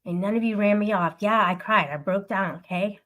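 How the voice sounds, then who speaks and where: A woman's voice: mid-range voice, brisk, a bit bright. A woman livestreamer venting to her live chat, upset and swearing in an aggrieved rant. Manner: aggrieved, profane ranting.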